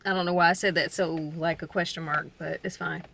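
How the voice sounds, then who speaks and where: Bright-voiced woman vlogging from her car. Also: lowish voice, steady tone, brisk, gravelly, slight background noise. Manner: chatty, self-mocking, slangy. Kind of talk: casual vlog chat. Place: parked car in a parking garage.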